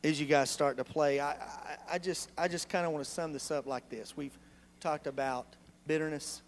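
A male pastor, preaching a sermon in a church in an animated, conversational way full of rhetorical questions. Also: a little high, moderate pace, over music.

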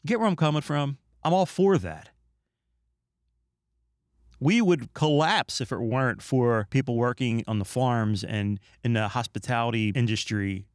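A man's voice: mid-range voice, a little slow, dry recording. Middle-aged male podcast host, emphatic and opinionated, mid-range voice, dry close sound. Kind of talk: casual monologue.

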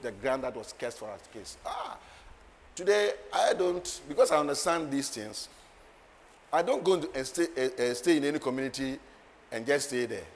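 A man's voice: medium pitch, lively intonation, moderate pace. Emphatic preacher man in a reverberant hall. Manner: emphatic, swings from soft asides to loud declarations, laughs often. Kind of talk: sermon. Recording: long hall reverb, faint ambient noise.

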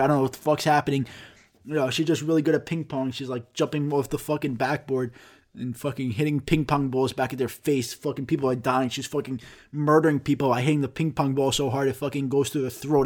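A man's voice: mid-range voice, a little mellow. A young man telling a rambling, profane comic story in casual chat, throwing in sound effects.

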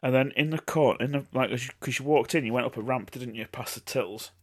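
A man's voice: mid-range voice, fast talker. A man co-hosting a podcast, reminiscing in laid-back casual chat. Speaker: podcast co-host.

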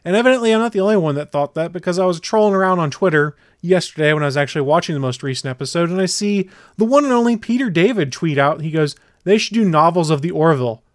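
A man with a slightly high voice hosts a casual podcast, rattling off details with eager enthusiasm. The recording is close and dry. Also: dry recording. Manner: enthusiastic, fast rundowns. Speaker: podcast host. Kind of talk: casual chat.

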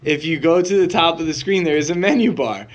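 Profane, animated podcast guy. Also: on the high side, a little fast. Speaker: podcast co-host. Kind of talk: casual podcast chat.

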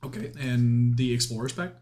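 Young dude rolling up a character, laughing and swearing a lot, casual. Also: male voice, medium pitch, normal speed, darkish tone. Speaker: player creating a paladin. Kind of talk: casual chat.

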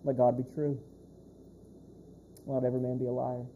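A male pastor preaching a sermon. He speaks emphatically, repeats key phrases, slows down to stress points and puts questions to the congregation. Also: medium pitch, little pitch movement, narrow, tinny audio, a little hiss or hum.

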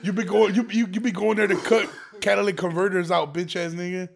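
Podcast host, male, high gravelly voice, crude joking banter. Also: level tone, fast talker, crowd noise. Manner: crude joking roast banter, laughing often.

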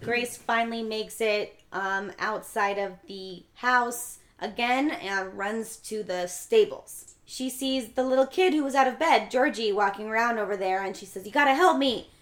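A woman chatting casually on a podcast, retelling a movie plot with a relaxed, chatty delivery. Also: on the high side, a little slow, few pauses. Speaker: podcast co-host. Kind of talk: casual movie recap chat.

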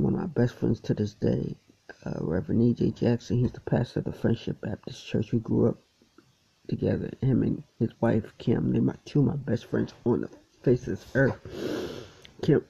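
A man's voice: mid-range voice, vocal fry, warm tone, slightly rough. A man earnestly telling an emotional personal story, often restarting his phrases, on a dull lo-fi recording. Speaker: poet sharing testimony.

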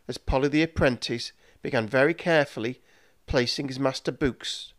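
Male storybook narrator, measured delivery, dry close sound. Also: mid-range voice, no echo.

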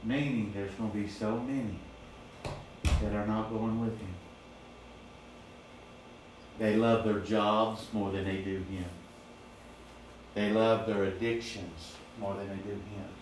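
A man preaches in a slow, emphatic rhythm, stacking repeated phrases. His lowish voice rings through a very echoey church. He sounds set back from the microphone, with faint room hum behind him. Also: steady tone. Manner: emphatic, repetitive preaching cadence. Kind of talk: sermon. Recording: very echoey, distant mic.

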